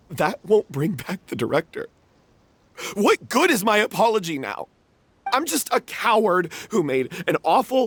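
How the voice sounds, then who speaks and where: A husky, guilt-ridden actor. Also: male voice, sits high, a bit bright, no room sound, heavily acted. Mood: despairing. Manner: confessing, remorseful, self-loathing. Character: guilt-ridden young male troupe actor. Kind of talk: game voice acting.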